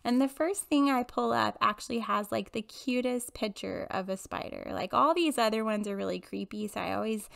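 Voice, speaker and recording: Casual gravelly woman host, middle-aged, rambling candid story, laughs a lot. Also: a little high, moderate pace, few pauses, a bit bright. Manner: chatty and candid, with frequent laughs and fillers. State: emotional. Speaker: podcast host and intuitive medium.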